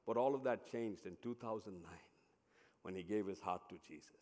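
Preacher with long hall reverb. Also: male voice, lowish voice, moderate pace. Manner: dramatic storytelling preacher, swings between loud and hushed. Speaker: pastor. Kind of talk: sermon.

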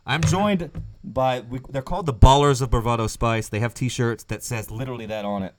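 A man hosting a podcast in casual comedic chat, rambling and deadpan with profane jokes. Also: mid-range voice, fairly quick. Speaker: podcast host.

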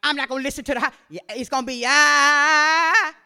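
A woman preaching, swinging from quiet talk to shouted exhortation. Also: fairly even intonation, racing. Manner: impassioned, rising to shouts then dropping low.

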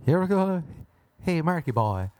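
A man's voice: fairly high pitch, sing-song, a little fast, a little mellow, no echo, pitched above the performer's own voice. An Irish man voicing a folksy, old-timey prairie parent who nags their son about finding a wife. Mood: nagging.

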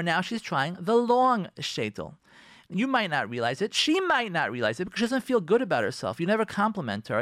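A man's voice: a little high, no echo, studio quality. A man hosting a radio show, giving direct, preachy marriage advice and often repeating himself. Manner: preachy, repeats himself, sprinkles Yiddish and Hebrew terms.

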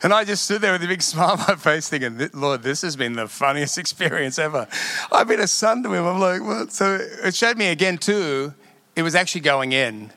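A middle-aged pastor from Australia preaching a sermon, telling stories with animated emphasis and frequent laughter. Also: male voice, a little high, a little fast, no room sound.

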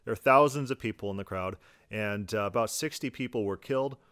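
A man hosts his podcast in a quick, sarcastic run of commentary, mocking the clips he plays. His voice is smooth and clear, a little low for a man. The sound is dry and close. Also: fairly bright tone, no echo. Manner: sarcastic, fast-talking, mocking. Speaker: podcast host. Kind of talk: argumentative commentary.

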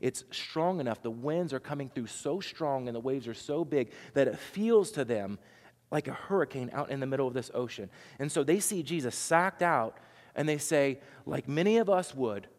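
A man's voice: mid-range voice, animated, moderate pace, in a large hall. A man preaching a sermon, talking conversationally and asking the congregation rhetorical questions. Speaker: pastor.

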